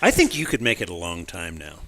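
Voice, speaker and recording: A man's voice: low-pitched, huge pitch swings, brisk, fairly bright tone. A man co-hosting a radio show, teasing his co-host in casual, dry banter.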